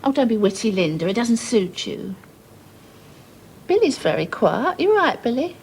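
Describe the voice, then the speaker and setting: A woman's voice: on the high side, sing-song, moderate pace, slight background noise. A woman playing a fussing mother who dotes on the family dog and talks to him in a sing-song way.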